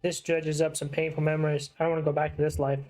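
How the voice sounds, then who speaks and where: A man's voice: a little high, little pitch movement, fast talker, a little mellow, soft background music. A man, host of a gaming channel, reading a game's dialogue aloud with dry, wry asides.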